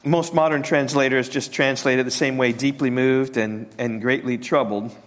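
Soft-spoken, halting male preacher. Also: medium pitch, fairly even intonation. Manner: halting, repeats words, sinks to a soft hush on tender points. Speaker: pastor. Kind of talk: sermon.

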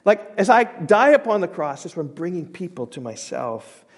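A man's voice: big pitch swings, moderate pace. Emphatic preacher man, rising and falling. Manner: emphatic, rising to a loud pitch on quoted scripture, then dropping quiet; repeats words and restarts phrases. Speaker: pastor. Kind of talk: sermon.

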